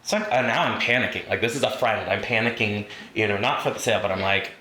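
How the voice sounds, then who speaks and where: A man's voice: lowish voice, fast talker, bright, forceful tone. Man telling stories to a training room. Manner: storytelling, acts out quoted voices. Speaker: real estate trainer. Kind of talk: training talk to a class. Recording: roomy room with faint noise.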